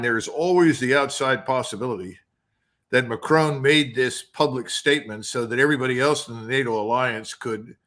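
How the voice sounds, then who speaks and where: A man's voice: mid-range voice, bright, forceful tone. A man answering interview questions as a guest commentator, blunt and matter-of-fact.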